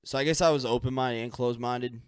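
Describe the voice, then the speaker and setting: A man's voice: medium pitch, fairly even intonation, quick pace, clean tone, dry recording, studio quality. A man hosting a solo podcast, rambling loosely, swearing casually and making up stories as he goes. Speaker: podcast host.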